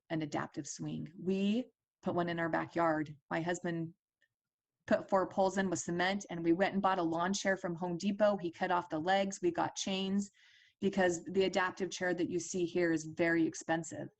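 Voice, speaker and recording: A woman's voice: on the low side, steady tone, normal speed, gravelly. A woman in her forties telling a personal story as a parent advocate, earnest and conversational with fillers and restarts.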